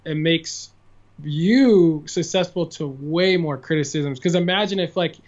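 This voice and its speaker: Chatty young man, slightly higher voice. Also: unhurried, muffled recording. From California. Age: 20s. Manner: chatty storyteller, many "like" fillers, laughs often. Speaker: podcast guest, guitarist and singer. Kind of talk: casual podcast conversation.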